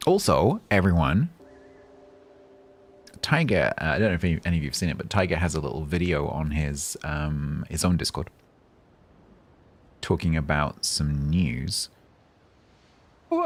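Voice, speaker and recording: A man chatting calmly on a game livestream, rambling with fillers and restarts. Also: low voice, husky. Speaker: game streamer. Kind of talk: casual livestream chat.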